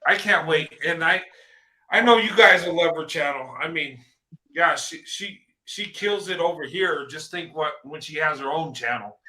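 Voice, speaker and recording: Bright, high-voiced man hosting a stream. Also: animated, echoey room. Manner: halting, repeats words, encouraging. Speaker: host. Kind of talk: casual livestream chat.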